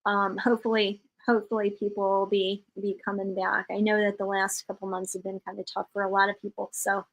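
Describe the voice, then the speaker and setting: A woman's voice: mid-range voice, level tone, fairly quick, rough recording. A woman from the United States, a panel member in a casual podcast chat, talking in a chatty, friendly way. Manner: chatty, friendly, loose fillers.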